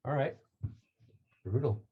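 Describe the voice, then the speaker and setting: A man narrating as game master in a tabletop game, relaxed and hesitant. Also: mid-range voice, takes it slowly, slightly rough, phone-quality sound.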